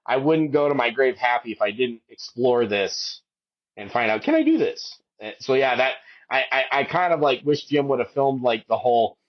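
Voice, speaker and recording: Earnest middle-aged man, lo-fi sound. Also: moderate pace. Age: 50s. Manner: rambling, with many restarts, and raises his voice high to quote his wife. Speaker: podcast guest, hiker. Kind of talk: emotional storytelling in a podcast interview.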